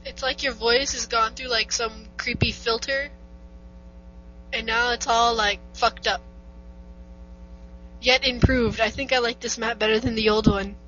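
A young woman chats casually as a podcast co-host, teasing and joking. Her voice sits a little high. The sound is muffled, with a faint static hiss. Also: fairly even intonation, unhurried, long pauses, bright, forceful tone. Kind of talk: casual chat.

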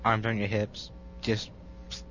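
A man's voice: fairly low pitch, monotone, a little slow, a bit bright. A young man with a stuffy nose, chatting casually and joking at his own expense. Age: young adult. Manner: laid-back and self-mocking, laughs often. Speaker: podcast co-host. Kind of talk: casual group chat over mics. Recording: dull lo-fi mic with faint hum.

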